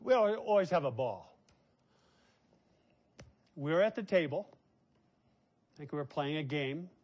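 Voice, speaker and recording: Older man preaching in a higher voice. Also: expressive, measured pace, muffled recording. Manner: conversational storytelling, acts out family quotes. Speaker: pastor. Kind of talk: sermon with personal story.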